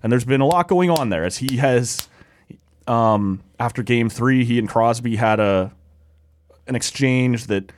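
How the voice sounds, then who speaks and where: A man's voice: mid-range voice, a little slow. A man co-hosting a sports podcast, chatting casually about hockey, laughing often and acting out quotes.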